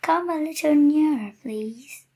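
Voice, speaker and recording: A woman's voice: high voice, unhurried, mellow, voice pushed up. A woman voicing a thin, hungry, sly male wolf in a storybook reading.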